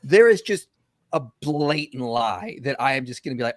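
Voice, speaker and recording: An animated male host runs a livestream commentary and rushes ahead in quick bursts, with plenty of fillers along the way. His voice sits at a middling pitch. The sound is close and dry. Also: no echo.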